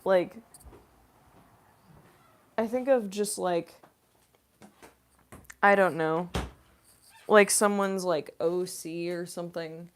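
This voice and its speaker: A young woman voice actress talks through a casual livestream Q&A. She speaks at a slow, easy pace with a slightly low pitch, filling her sentences with "like" and breaking into giggles. Her talk is loose and chatty. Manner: chatty and rambling, many fillers. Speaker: voice actress streamer.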